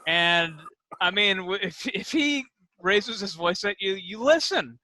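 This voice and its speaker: A man's voice: high voice, expressive, a little slow, bright, forceful tone, no room sound, rough recording. A middle-aged man co-hosting a casual comedy show, telling rambling, dry anecdotes full of fillers. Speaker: co-host.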